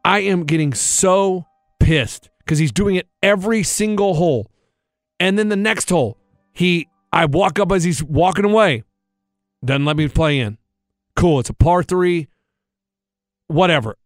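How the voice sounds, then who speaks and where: A man's voice: high-pitched, unhurried, long pauses, dry recording, studio quality, faint music behind. A man, podcast co-host, telling a story in a worked-up, ranting, profane way. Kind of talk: casual chat, storytelling.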